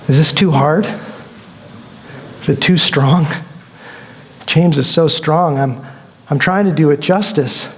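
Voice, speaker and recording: A man's voice: on the high side, slow, pauses often, in a large hall. A male pastor preaching a sermon in a conversational, storytelling way, acting out quotes as he goes. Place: church sanctuary.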